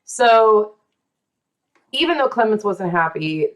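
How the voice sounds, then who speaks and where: A woman hosting a podcast, telling a true story in a casual, dramatic way, with asides and quick voices for the people in it. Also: medium pitch, animated.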